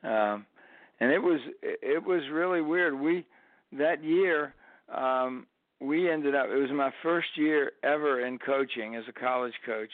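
A man's voice: mid-range voice, a little slow, dry recording. Older man telling stories down a phone line. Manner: animated storyteller who acts out quotes. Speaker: interview guest, retired college tennis coach. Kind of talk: storytelling interview.

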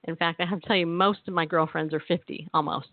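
A woman's voice: lowish voice, steady tone, quick pace, no room sound. A woman in her late forties hosts her show with bubbly, giggly chatter. Her voice comes through a thin, phone-like channel. The sound is dry and close, with no room around it. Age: 40s. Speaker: radio show host. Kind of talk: casual chat. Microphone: phone or webcam on a live stream.

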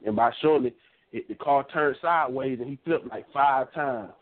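A man co-hosting a wrestling show, telling a story in a relaxed, casual way with a Southern dialect. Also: mid-range voice, moderate pace. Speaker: podcast co-host. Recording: phone-line audio.

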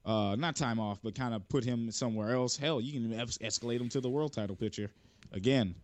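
A man on a wrestling podcast, talking in a casual, animated, jokey way and swearing freely. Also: mid-range voice, brisk, dry recording. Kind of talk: casual chat.

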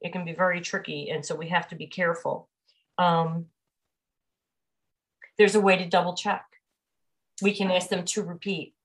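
A woman hosting a spiritual talk show, chatting casually and telling animated stories with frequent laughter. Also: on the low side, normal speed, pauses often. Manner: animated storyteller, laughs often. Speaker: host. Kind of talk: casual chat.

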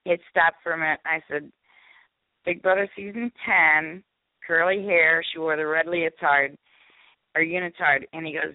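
A woman's voice: deep voice, fairly even intonation, moderate pace, long pauses, dry recording. A woman calling in to a radio show, chattily telling a story with frequent giggles. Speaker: caller and co-host. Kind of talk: casual storytelling. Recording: tinny phone line.

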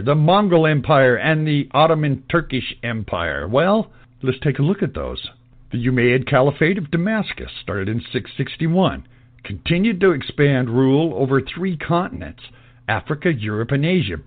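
A man delivering an emphatic, repetitive monologue in a preachy lecturing style. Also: a little high. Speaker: political commentator. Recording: tinny phone-like audio.

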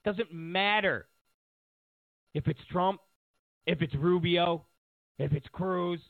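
A man delivering an animated, sarcastic political monologue as a commentator. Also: high voice, slow, creaky, no echo, phone-quality sound.

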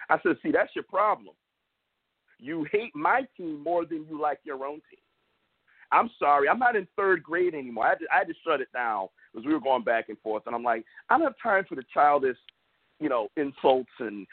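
Animated ranting sports talk man. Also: fairly high pitch, normal speed, dry recording. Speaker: sports talk show host. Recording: tinny phone-like audio, dry.

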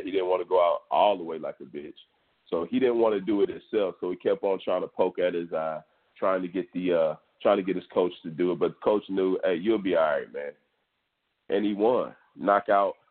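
Texan guy, deep voice, loose and profane podcast host, phone-quality sound. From Texas, US. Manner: loose, profane sports storytelling. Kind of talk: casual monologue. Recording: tinny phone-like audio.

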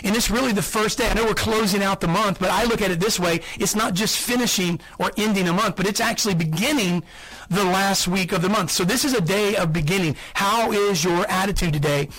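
High-voiced man hosting a sales podcast. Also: fairly quick, a bit bright, rough recording. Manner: earnest, repeats key points for emphasis. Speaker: podcast host. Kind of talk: motivational sales podcast talk.

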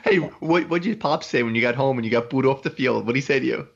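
A man's voice: medium pitch, fast, vocal fry. A man hosting a podcast, asking short questions in a casual interview. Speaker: podcast host. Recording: dull lo-fi podcast audio.

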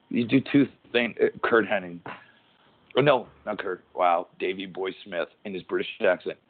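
A man's voice: sits low, steady tone, normal speed. A middle-aged man, a former pro wrestler hosting a podcast, talking in a rambling, profane, casual way and restarting his sentences. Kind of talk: casual chat. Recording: tinny phone-like audio.

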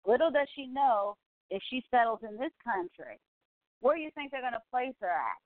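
A woman's voice: a little high, big pitch swings, normal speed, no room sound. A woman from California hosts a live online show and talks in a loose, chatty ramble full of asides. Her voice comes through thin and tinny, like a phone line, with a dry, close sound. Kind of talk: casual rambling commentary.

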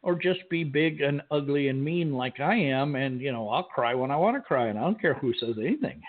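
A man's voice: medium pitch, animated, a little fast. A man co-hosting a podcast, talking casually in a rambling, reassuring, joking way. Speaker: podcast co-host. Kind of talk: casual radio chat. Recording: phone-like lo-fi sound with faint music.

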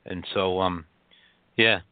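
Halting man on a tinny phone line. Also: deep voice, fairly even intonation, clean tone, dry recording. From upstate New York. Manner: halting, many restarts and fillers. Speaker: guest author. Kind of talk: telling a personal story on a phone interview.

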